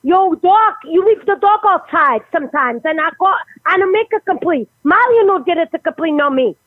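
Portuguese-accented woman, very high voice, irate and cursing, tinny dry phone line. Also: lively intonation, normal speed, no echo. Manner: furious, swearing, broken English. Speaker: prank call target. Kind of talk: angry phone argument.

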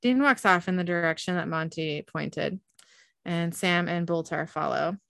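A woman reading a story aloud as narrator, in an even narrating manner. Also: lowish voice, a little slow, creaky, no echo, clean studio sound.

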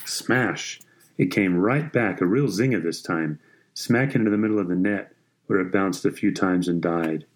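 A man reading a story aloud in a measured, even way. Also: low-pitched. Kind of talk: scripted story narration.

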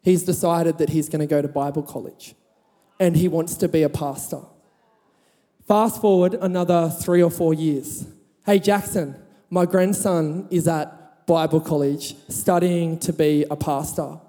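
A man's voice: on the high side, steady tone, measured pace, dark tone. A man preaching a sermon, chatty and laughing as he tells a story, then rising to emphatic points. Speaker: pastor. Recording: long hall reverb.

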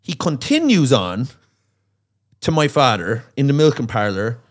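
A man's voice: mid-range voice, sing-song, measured pace. A man telling a long, profane story on a comedy podcast, acting out the voices of the people in it. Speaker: comedian guest.

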